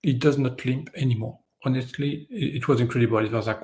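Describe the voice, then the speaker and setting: A man whose first language is French, a guest in an interview, telling stories in a lively way and acting out the voices of people in them. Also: medium pitch, a little fast. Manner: animated storyteller, acts out voices in his stories. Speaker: guest, energy healer. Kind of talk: storytelling in an interview.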